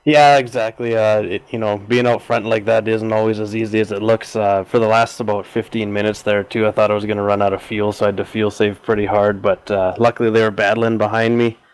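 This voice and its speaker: A man's voice: lowish voice, flat delivery, brisk, few pauses, clean tone, rough recording. A man from southern Alberta with a Canadian accent, talking easygoing and modest in a post-race interview. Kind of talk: casual interview.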